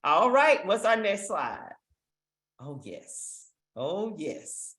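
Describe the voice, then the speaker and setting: A woman hosting a live online business opportunity meeting, giving an enthusiastic sales pitch that urges listeners to act, heard over a video call. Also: very animated, extremely slow, a bit bright, echoey room. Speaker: network marketing meeting host.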